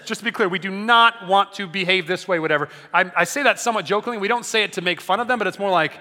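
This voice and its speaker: A man preaching a sermon as a pastor, energetic and conversational, often joking with the congregation. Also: high-pitched, fast talker, hardly any pauses, long reverb tail.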